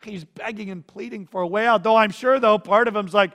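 A man's voice: sits high, a little fast, few pauses, a bit bright, in a large hall. A man preaching a sermon as a pastor, earnest, acting out the feelings of the people he quotes.

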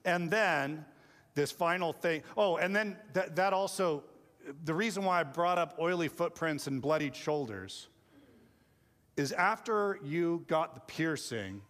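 Animated pastor, man, in echoing hall. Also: a little high. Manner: animated storytelling, mimics kids and parents. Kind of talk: sermon. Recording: long hall reverb.

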